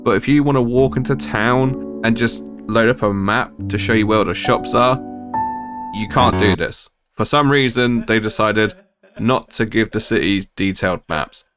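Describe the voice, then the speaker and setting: A man's voice: on the low side, normal speed, music in the background. A man from the United Kingdom giving a ranting game review as a gaming video creator, with exasperated, mocking complaints.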